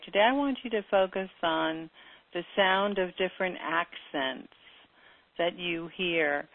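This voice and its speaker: A woman giving a conversational daily listening lesson, addressing her audience as their teacher. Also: sits low. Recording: tinny phone-like sound.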